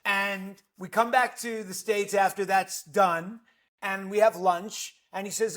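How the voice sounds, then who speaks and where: High-voiced animated male storyteller. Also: measured pace. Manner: lively storyteller, playful, self-deprecating. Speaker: actor and guest. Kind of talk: animated anecdote telling.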